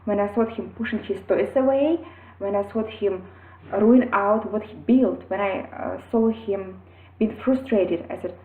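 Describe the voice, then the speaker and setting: A woman talks earnestly and gently about her experience as a mother, pausing often and restarting her sentences. The sound is thin and phone-like, as if squeezed through a narrow line. Her voice rings in a noticeably echoey room. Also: mid-range voice. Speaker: mother sharing parenting experience. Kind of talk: earnest personal talk to camera.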